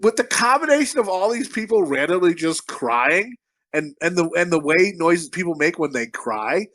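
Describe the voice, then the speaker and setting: A man's voice: sits high, big pitch swings, normal speed, fairly bright tone, no echo. A man co-hosting a podcast in casual chat, a profane, rambling storyteller who laughs at his own stories. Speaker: podcast co-host.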